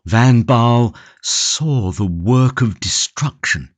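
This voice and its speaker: A man narrating a classic novel audiobook in a measured, steady reading from a close studio mic. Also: mid-range voice, no room sound. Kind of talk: scripted narration.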